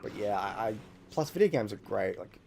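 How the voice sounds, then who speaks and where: Excitable swearing man gaming. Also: fairly low pitch, normal speed, vocal fry, a little hiss or hum. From Australia. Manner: excitable, rambling, swears often. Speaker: gaming YouTuber. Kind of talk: casual let's-play commentary.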